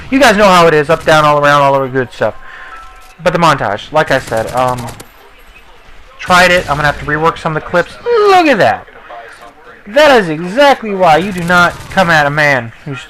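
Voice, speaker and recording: A man's voice: a little high, slight background noise, rough recording. Rambling young man doing game commentary. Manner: rambling, joking, excitable outbursts. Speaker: gaming commentator. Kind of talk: casual gameplay commentary.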